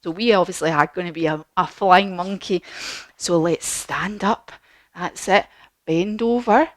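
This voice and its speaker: A woman teaching a children's yoga class as a story, lively, encouraging and sing-song. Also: lowish voice, unhurried, no room sound.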